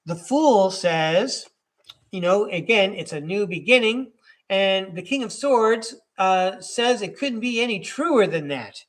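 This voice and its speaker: A man with a rather high voice hosts a live tarot stream in an easygoing, chatty way. He slows down to read card keywords aloud one at a time and talks to viewers in the chat. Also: expressive, fairly bright tone. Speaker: tarot reader and livestream host.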